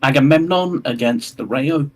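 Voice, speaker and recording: A man with a husky voice plays in a tabletop naval battle. He pauses with hesitant ums before naming which ship fires at which. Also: fairly high pitch. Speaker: player. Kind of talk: casual tabletop game chat.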